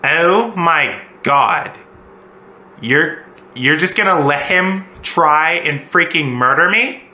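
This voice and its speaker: A man putting on an indignant young woman on a date, voiced with a bright, forceful tone. The sound is roomy and echoey, picked up from some distance. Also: a little high, lively intonation, slow, full character voice. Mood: shocked. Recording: echoey room, far from mic.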